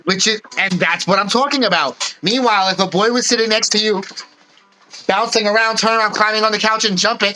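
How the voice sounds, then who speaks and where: A man's voice: sits high, steady tone, a little fast, sharp tone, a little hiss or hum, poor audio. A man co-hosting a podcast, explaining things in an earnest, rambling way and often saying "literally.". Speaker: podcast co-host. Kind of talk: casual podcast chat.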